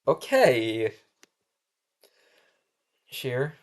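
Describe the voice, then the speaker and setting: A man playing a slow, stammering schoolteacher. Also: mid-range voice, big pitch swings. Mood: patient. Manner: stammering, apologetic, restarts his sentences. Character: flustered, apologetic male first-grade teacher. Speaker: schoolteacher taking roll call. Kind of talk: amateur animation voice acting.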